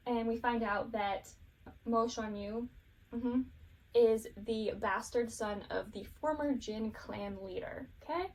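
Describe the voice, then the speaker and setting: A woman's voice: on the high side, moderate pace, darkish tone, distant mic. A woman casually recapping a show, rambling and giggling, with lots of fillers.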